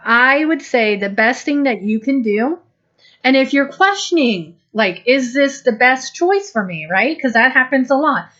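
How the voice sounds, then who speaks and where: A woman giving a channeled spiritual talk, speaking slowly, gently and deliberately, and acting out small quoted exchanges. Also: high voice, expressive. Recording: dull lo-fi recording.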